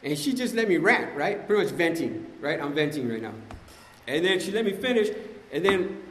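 Man, somewhat high voice, animated slangy testimony to a group, long hall reverb. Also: normal speed. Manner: animated, slangy storytelling, often addressing the room. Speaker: speaker sharing at a recovery meeting. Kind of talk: personal recovery testimony to a group.

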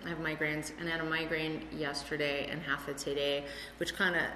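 A woman's voice: deep voice, level tone, fairly quick, sharp tone, a little hiss or hum. A speaker from Chicago sharing her story at a recovery meeting, rambling and chatty with lots of fillers, recorded in a meeting hall. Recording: echoey hall with room ambience.

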